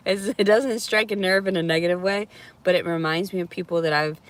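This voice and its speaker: A woman's voice: fairly low pitch, fairly even intonation, a little fast. A woman chatting candidly outdoors in a park, often laughing and swearing freely as she reacts to messages. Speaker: reality show subject reacting to viewer messages. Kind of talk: casual chat.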